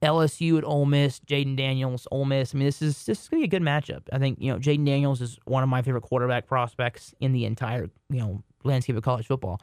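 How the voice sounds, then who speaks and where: A young man co-hosting a casual sports podcast, joking and rambling with quick restarts. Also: mid-range voice, darkish tone, smooth, no echo, studio quality. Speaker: podcast co-host.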